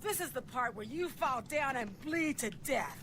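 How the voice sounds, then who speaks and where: Female game warrior, taunting, high voice, swooping pitch, drawn-out delivery. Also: lively intonation, heavy background noise. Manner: taunting, boastful combat shouts. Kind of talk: video game character barks.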